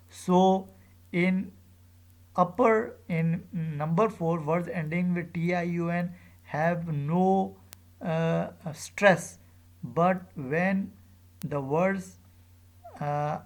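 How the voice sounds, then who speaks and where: An English teacher giving a pronunciation lecture, saying each example word twice and spelling out word endings letter by letter. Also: mid-range voice. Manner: says each example word aloud two or three times; deliberate, with spelled-out letters and frequent "uh".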